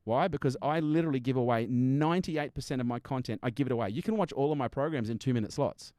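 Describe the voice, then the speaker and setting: Guy talking business on a podcast, super fast and punchy, dry close sound. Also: mid-range voice, a little mellow, no room sound. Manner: emphatic, acts out customers, swears. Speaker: guest business strategist. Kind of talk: energetic podcast interview.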